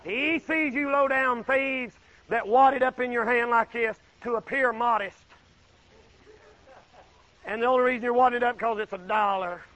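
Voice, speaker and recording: A man preaching a folksy sermon, swinging from loud exclaiming to low murmured asides. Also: moderate pace, highs cut off.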